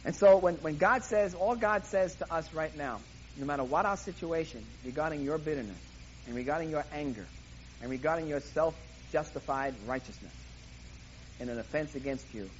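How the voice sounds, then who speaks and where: A man's voice: a little high, normal speed, muffled recording, slight background noise. A man preaching a sermon in an emphatic, impassioned way, often repeating himself for emphasis.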